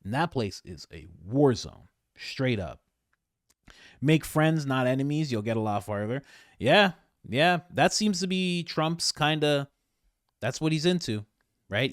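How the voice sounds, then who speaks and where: A man's voice: medium pitch, expressive, measured pace, dry recording, studio quality. A man hosting a podcast, giving casual political commentary in an opinionated, exasperated way. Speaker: podcast host.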